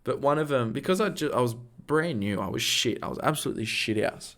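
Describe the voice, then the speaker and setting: A man's voice: mid-range voice, animated, fast talker, a bit bright. Profane guy spinning stories. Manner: profane, rambling, heavy slang. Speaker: podcast co-host. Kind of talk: casual storytelling.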